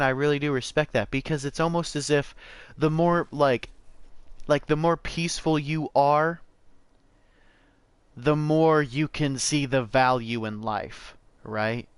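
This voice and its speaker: Laid-back and rambling, a young gameplay streamer swears freely and wanders between topics while commenting on his game, dropping "bro" and "man" as he goes. His ordinary mid-pitched voice comes through smooth and clear on a desk mic, with no echo.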